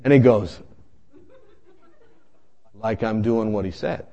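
A man telling a comic personal story in an animated way, acting out voices and laughing as he goes. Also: fairly low pitch, slow pace, muffled recording.

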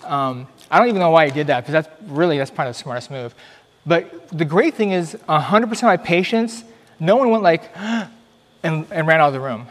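A middle-aged man, a doctor, giving an earnest, conversational testimony talk at church with animated storytelling. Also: on the high side, fast, long reverb tail. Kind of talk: church presentation, personal testimony.

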